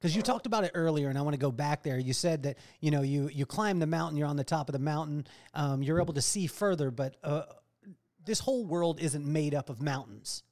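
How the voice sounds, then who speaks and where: A man's voice: fairly high pitch, brisk, darkish tone. A man hosting a podcast, asking earnest questions built on extended metaphors. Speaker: podcast host. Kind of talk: interview questions.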